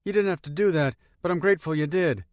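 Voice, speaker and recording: A man voicing an earnest, worried teenage girl in an audiobook, speaking softly and sincerely in a raised pitch. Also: fast talker, dry recording, clean studio sound, natural voice. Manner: earnest, soft-spoken. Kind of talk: audiobook character voice.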